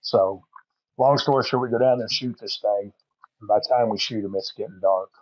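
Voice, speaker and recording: A middle-aged man with a low voice tells a story in a rambling, folksy way, full of fillers. The recording is dry and a little dull, with no room sound. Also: steady tone, fairly quick, no room sound. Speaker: podcast guest. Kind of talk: casual storytelling.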